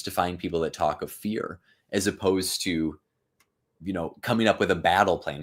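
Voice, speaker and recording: A man in his thirties talks through a play during a live-stream lesson. His voice sits low, and he speaks casually, with plenty of fillers and quick "right?" check-ins. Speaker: literature teacher and channel host. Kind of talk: live-stream reading with commentary.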